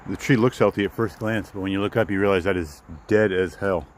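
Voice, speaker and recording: A man with a deep voice talks fairly quickly to live viewers as he walks through the woods, rambling and repeating himself. He's a vlogger hosting a live walk, and the rough recording carries a little hiss or hum.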